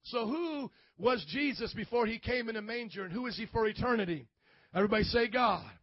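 High-voiced man preaching a sermon. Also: brisk, no room sound, muffled recording. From grew up in an Italian family. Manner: call-and-response preaching, asks congregation for amens; acts out quoted voices. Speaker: pastor.

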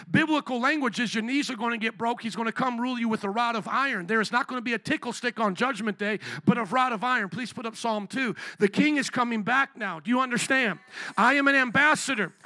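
A man's voice: very high-pitched, bright, forceful tone, dry recording. A man preaching a sermon as pastor, blunt and direct, acting out little voices of other people as he makes his points.

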